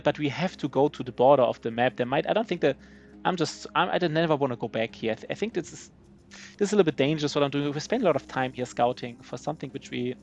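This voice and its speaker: A man with a German accent, a native German speaker, giving live gameplay commentary in a rambling, self-mocking way with many restarts. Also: mid-range voice. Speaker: streamer.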